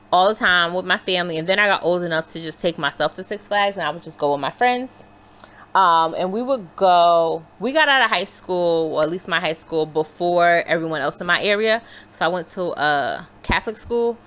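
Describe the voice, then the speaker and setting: A woman's voice: lowish voice, fairly bright tone. Chatty woman telling a story. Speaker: crochet vlogger. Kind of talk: casual storytelling while crocheting.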